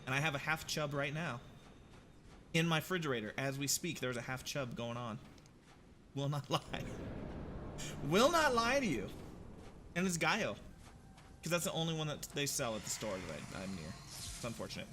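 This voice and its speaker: A young American man chatting casually with viewers while he plays, jokey and animated, now and then shouting at the game. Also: medium pitch, brisk, noisy background. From United States. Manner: jokey, animated, reads chat aloud, bursts into shouts at the game. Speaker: livestreamer. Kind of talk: casual gameplay chat with viewers.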